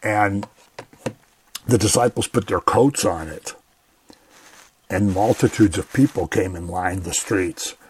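A man's voice: low-pitched, slow, pauses often, slight background noise. A man giving a radio Bible teaching in an earnest, conversational way, often saying "you know".

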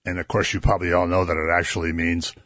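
A man's voice: low voice, flat delivery, fast talker, a bit bright, no echo, studio quality. A man hosting a Christian radio show, earnestly explaining a Bible passage to listeners and his co-host. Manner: earnest, explanatory, builds emphasis. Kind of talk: conversational Bible teaching.

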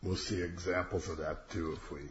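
A man's voice: low voice, flat delivery, normal speed, background noise. A man leading a casual Bible class, commenting on a reading and acting out the characters with slangy voices. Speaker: Bible teacher. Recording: roomy, dull lo-fi classroom recording.

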